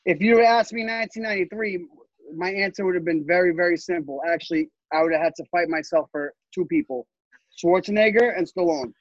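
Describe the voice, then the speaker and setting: A man co-hosting a podcast in casual, excitable chat, swearing often and laughing a lot. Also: sits high, a little fast, no room sound, highs cut off. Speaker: podcast co-host.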